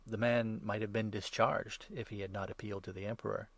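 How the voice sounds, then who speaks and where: A man's voice: lowish voice, level tone, brisk, dry recording. A man reading the part of a skeptical king in a dry, subdued manner. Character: King Agrippa, male ruler, skeptical.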